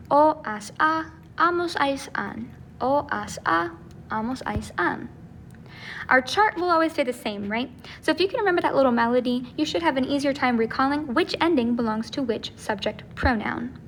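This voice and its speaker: A woman's voice: on the high side, a little hiss or hum. Patient woman teaching a grammar lesson. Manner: patient, explains step by step with frequent "okay?" and "right?". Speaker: Spanish teacher.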